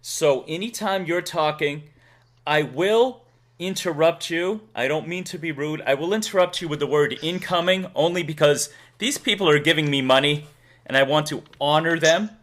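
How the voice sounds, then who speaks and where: A man's voice: a little high, normal speed, fairly bright tone. A man with a Massachusetts accent hosting a live stream, chatting casually, laughing often and reading out donations. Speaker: streamer host.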